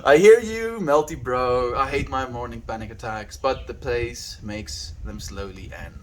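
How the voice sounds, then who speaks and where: A man's voice: mid-range voice, fairly even intonation, measured pace, a bit bright. A man chatting casually on his daily livestream, rambling loosely and thanking viewers by name.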